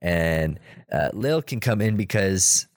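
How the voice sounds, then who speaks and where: A man's voice: sits low, lively intonation, slow, no echo, studio quality. A man casually retelling a cartoon episode in a rambling, loose way, with lots of fillers and swearing.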